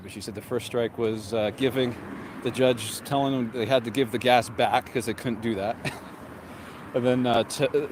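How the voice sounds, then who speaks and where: A man's voice: mid-range voice, noisy background. A man hosting a walking livestream outdoors on a cold street, chatting casually with a handheld mic, a little out of breath and reading viewer comments aloud. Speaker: livestream host. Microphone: handheld microphone.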